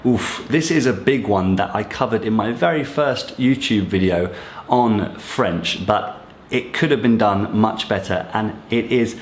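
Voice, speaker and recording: Low-voiced man teaching in an echoey room. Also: unhurried. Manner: friendly, encouraging, addresses viewers directly. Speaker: French teacher. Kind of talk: casual explanatory teaching.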